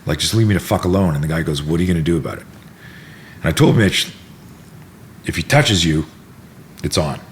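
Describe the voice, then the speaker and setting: In a relaxed podcast interview, a middle-aged self-defense instructor with a very deep, low voice tells a story, slipping into other people's voices and cursing without restraint. He talks briskly but leaves long pauses, and a faint room hum sits underneath.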